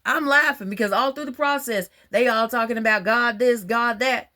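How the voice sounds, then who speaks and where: A woman, talking in a rambling, animated, colloquial monologue about religious ideas. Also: fairly high pitch, moderate pace. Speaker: religious vlogger. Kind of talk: casual monologue.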